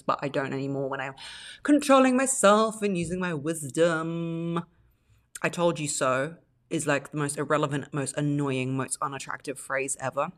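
Blunt woman giving relationship advice. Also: low-pitched. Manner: blunt, animated, acts out quoted phrases in mocking voices. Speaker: podcast host.

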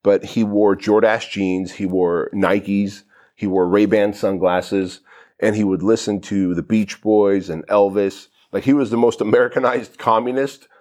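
A man in his forties, originally from Armenia, a podcast guest speaking in animated, blunt casual chat and laughing easily. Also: lowish voice, measured pace.

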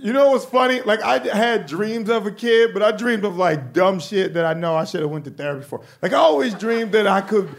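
A young adult man doing stand-up comedy, telling animated, profane stories. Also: high-pitched, brisk, creaky, few pauses.

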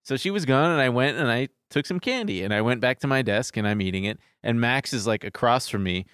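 A man co-hosting a casual comedy podcast, telling stories in quick, animated bursts. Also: mid-range voice, clean tone, no echo, clean studio sound. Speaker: podcast co-host.

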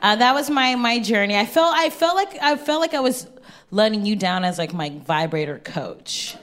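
A woman's voice: a little high, expressive, moderate pace, a bit bright. A woman co-hosting a live podcast, chatty and giggly. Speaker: podcast co-host.

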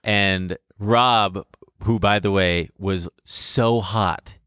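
Rambling man telling a story, low voice. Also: fairly even intonation, very slow, fairly bright tone, clear, resonant tone, no room sound, studio quality. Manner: rambling, swears, laughs through his story. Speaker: podcast co-host. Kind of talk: casual storytelling chat.

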